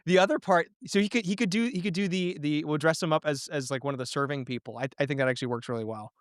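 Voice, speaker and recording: A man's voice: a little high, fast talker, no echo, clean studio sound. A man hosting a podcast, casually planning a mystery story and thinking aloud as he leads the game. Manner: thinking aloud, with frequent ums and restarts. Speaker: game master and podcast host.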